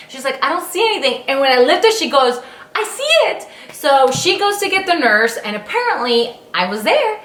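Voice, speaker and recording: A woman's voice: a little high, a bit bright, roomy sound. A young adult woman vlogger telling a personal story in casual, candid speech, acting out her own exclamations and swearing freely.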